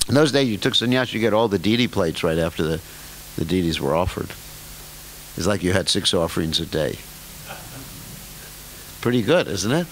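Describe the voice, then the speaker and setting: An older man with a lowish voice gives a scripture lecture, his pitch rising and falling a great deal. He drags out key words for emphasis and drifts into wry jokes at his own expense. Faint hiss runs under the recording. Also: lively intonation, moderate pace, pauses often, rough recording. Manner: humorous, self-deprecating asides with chuckles. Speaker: spiritual teacher giving a scripture class.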